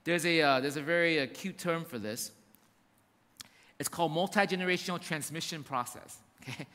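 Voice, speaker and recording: A man's voice: fairly high pitch, normal speed, sharp tone, in a large hall. A man preaching a sermon as pastor, emphatic and repetitive, addressing his church directly.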